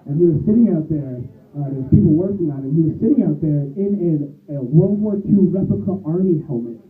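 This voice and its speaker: Lively young man telling stand-up jokes. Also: on the high side, far from the mic. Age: young adult. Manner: rambling, self-deprecating, quick asides. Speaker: stand-up comedian. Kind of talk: stand-up comedy set. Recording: tinny lo-fi phone-like recording.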